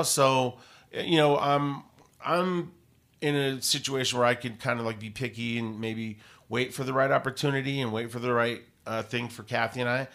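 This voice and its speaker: A man, a radio host and podcaster, telling stories in a casual interview, rambling and animated with many fillers. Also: mid-range voice, gravelly.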